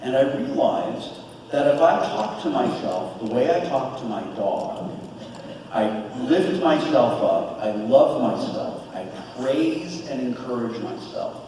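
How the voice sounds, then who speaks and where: A man in his forties, mid-range and slow-speaking, shares openly about living with depression on a convention panel. He is earnest and animated, and the distant, echoey recording of the large hall has a little hiss or hum.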